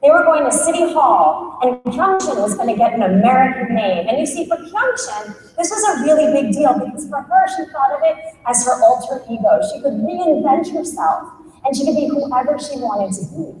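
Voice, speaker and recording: A young adult woman telling a story on stage to a large audience, animated and acting out the voices of people in the story. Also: high-pitched, moderate pace, slight background noise. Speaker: conference speaker. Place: large conference hall. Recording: echoey hall, voice from far off.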